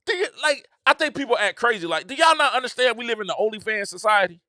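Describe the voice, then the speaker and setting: A middle-aged man, hosting a casual opinion monologue with an animated, repetitive, preacher-like cadence. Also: extremely high pitch, fast talker, no echo, clean studio sound. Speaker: host.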